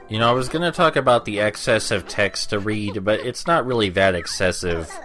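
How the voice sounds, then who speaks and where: Deep-voiced sarcastic man commentating gameplay. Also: fairly bright tone. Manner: sarcastic, rambling. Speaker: let's play commentator.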